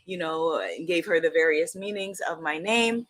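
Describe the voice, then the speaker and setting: A woman from New York, a guest author and coach, telling a personal story in an interview, animated and often laughing. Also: sits low, moderate pace. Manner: animated, laughs often, acts out quoted voices.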